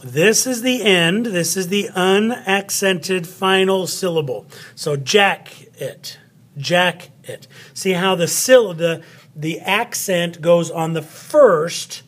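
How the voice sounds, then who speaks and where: Slow, playful man teaching a spelling lesson. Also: sits high. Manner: playful, slow and patient, speaks to an unseen child.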